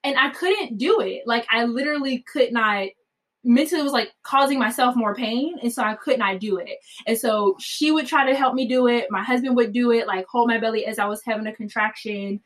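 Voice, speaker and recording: A woman telling a personal story in a chatty, animated way, full of fillers and frequent laughs. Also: fairly high pitch, fairly quick, rough recording. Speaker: mother telling her birth story.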